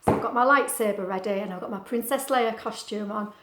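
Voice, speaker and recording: A woman's voice: mid-range voice, brisk, a bit bright, echoey room. A woman, a teacher, reading a picture book aloud at home for children, chatty and asking them questions. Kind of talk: storybook read-aloud.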